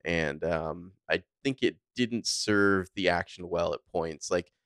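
Casting: man, very low smooth voice, dry close mic, chatty film critic. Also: slow, fairly bright tone, dry recording. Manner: rambling, filler-heavy, opinionated. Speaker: podcast co-host. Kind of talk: casual movie review chat.

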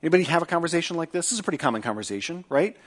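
Middle-aged male pastor, sermon delivery, rhetorical questions to the congregation, quieter when praying. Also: lively intonation, racing. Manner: acts out quoted speech with lifted pitch; prays in a softer, lower voice.

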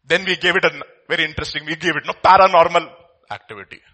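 A man from India delivers a sermon in a bright, slightly raised voice with a husky edge. He swings between loud, emphatic bursts and hushed, confiding asides, pushing key words hard. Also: on the high side, steady tone, racing. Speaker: preacher.

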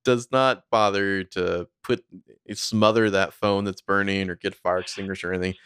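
A man's voice: low-pitched, fairly even intonation, normal speed, fairly bright tone, clean tone, dry recording, studio quality. A man co-hosting a casual podcast, retelling a TV episode scene by scene and dropping into the characters' lines as he goes. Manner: narrates scenes and acts out character lines in a loose, chatty way. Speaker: podcast co-host recapping a TV episode. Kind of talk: casual recap chat.

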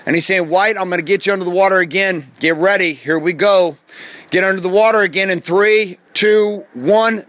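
A man in his thirties, a podcast host telling a personal story with dramatic intensity, building tension with pauses and slow emphasis. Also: medium pitch, a bit bright.

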